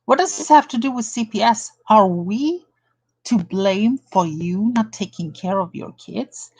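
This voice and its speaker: A woman's voice: mid-range voice, husky, low-quality recording. A woman from Germany doing a blunt, indignant drama commentary, calling someone out and reading an article aloud. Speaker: commentary vlogger.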